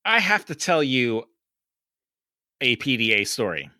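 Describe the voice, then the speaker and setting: A man in his thirties co-hosts a podcast in a loose, storytelling chat. His voice is bright and sits close and dry on the mic. He swears freely and leaps up in pitch when he acts out what people said. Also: a little slow, no room sound. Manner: animated, swearing, acts out quotes with big rises in pitch. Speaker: podcast co-host.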